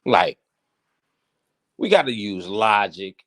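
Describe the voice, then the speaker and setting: A man hosting a casual current-events commentary, teasing and theatrical, swinging between loud outbursts and hushed asides. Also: on the low side, very animated, takes it slowly. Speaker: host.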